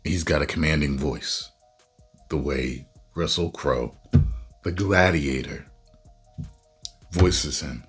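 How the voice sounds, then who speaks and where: A man reviewing a movie in a casual video rant, animated and breaking into loud exasperated outbursts. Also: a bass voice, takes it slowly, pauses often, breathy edge, faint music behind.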